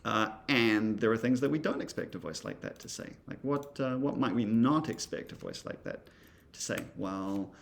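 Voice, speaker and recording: Gravelly low-voiced man teaching. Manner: casual, thinking aloud with many fillers. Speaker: instructor. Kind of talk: recorded lecture demonstrating software.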